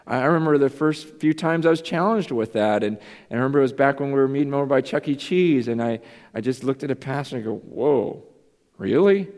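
Preaching a sermon, a pastor speaks quickly in a mid-range, slightly mellow voice, earnest and confessional as he questions himself aloud. A long reverb from a large hall surrounds him.

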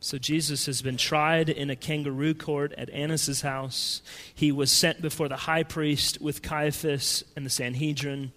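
A man preaching a sermon in a dramatic, emphatic way, swinging between loud and hushed. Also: on the high side, little pitch movement, unhurried, few pauses, in a large hall.

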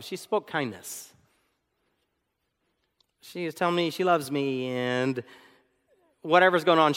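A man preaching a sermon as co-pastor, animated, acting out arguments and laughing often. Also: on the high side, in a large hall.

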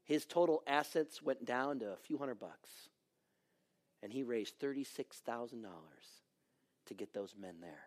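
A middle-aged man, a pastor, preaching a sermon and swinging from hushed lines to shouting. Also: mid-range voice, expressive, unhurried.

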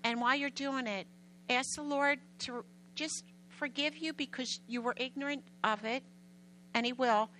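A woman preacher telling a story to her congregation in an animated, emphatic way, often getting loud. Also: sits high, normal speed, slight background noise, poor audio. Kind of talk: sermon storytelling.

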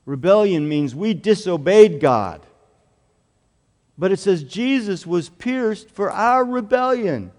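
Slow earnest preacher in echoing church. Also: male voice, on the high side, lively intonation, a little mellow. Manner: simple, earnest, asks the children questions. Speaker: pastor. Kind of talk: children's sermon.

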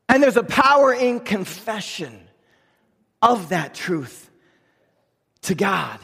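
High-voiced preacher in an echoing hall. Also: male voice, big pitch swings, drawn-out words, gravelly, pauses often, slightly rough. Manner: impassioned, sometimes shouting, dropping to a hush. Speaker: pastor. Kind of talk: sermon.

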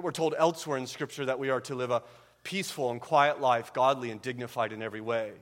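A man's voice: fairly bright tone, long reverb tail. A man preaching a conversational sermon, often asking "right?" and acting out quoted voices. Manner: acts out quoted voices with rising pitch. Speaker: pastor.

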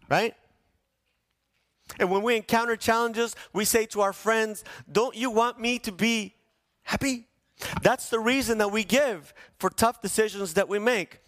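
Animated male pastor preaching. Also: on the high side, dry recording, studio quality. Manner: animated, acts out quoted voices, asks the congregation questions. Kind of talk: sermon. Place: church sanctuary.

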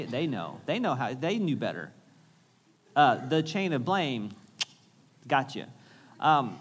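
A man preaching a sermon in a conversational, animated way, with jokey asides and acted-out quotes. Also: a little high. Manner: animated, acts out quoted voices. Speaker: pastor.

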